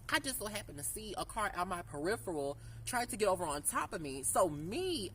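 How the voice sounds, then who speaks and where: A woman's voice: fairly low pitch, a little hiss or hum, low-quality recording. A young woman vlogger telling a casual, candid storytime, swearing freely and acting out the dialogue. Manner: candid, profane, animated retelling with quoted dialogue.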